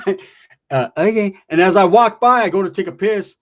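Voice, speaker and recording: A Northern California man tells a wild personal story in casual street slang, swearing freely and animatedly acting out the voices of the people involved. His voice sits high at normal speed.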